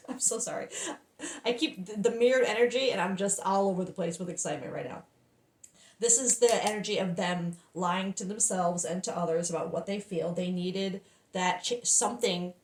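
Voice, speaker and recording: A woman's voice: mid-range voice, echoey room. A woman giving a tarot reading, breathless and stumbling over her words, swearing and apologizing. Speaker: tarot reader.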